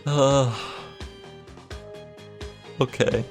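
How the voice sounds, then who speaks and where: A man's voice: mid-range voice, fairly even intonation, very slow, faint music behind. A man reading a polite, hesitant young lawyer. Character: polite earnest young male defense attorney.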